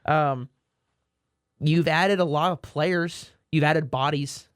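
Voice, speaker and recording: Male podcast co-host, slightly higher voice, rambling casual sports talk, dry close mic. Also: fairly even intonation, slow, clear, resonant tone, dry recording. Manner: rambling, repeats words, self-mocking asides.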